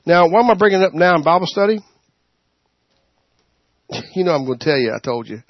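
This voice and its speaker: A man leading a Bible study, preaching informally in an animated way, laughing and acting out quotes. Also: high-pitched, brisk, dry recording. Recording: dull, muffled sound.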